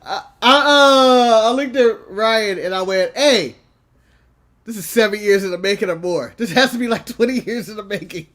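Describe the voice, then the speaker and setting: A man's voice: sits high, normal speed, a bit bright. A man co-hosting a wrestling podcast in casual chat. He laughs often and tells stories with acted-out quotes.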